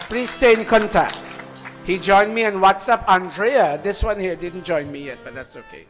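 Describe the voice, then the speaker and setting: A man's voice: high-pitched, normal speed, fairly bright tone, some chatter behind. A man leading a weekly gathering, making casual announcements and addressing people by name in an informal, friendly way. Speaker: spiritual teacher leading a satsang. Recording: long hall reverb with faint music.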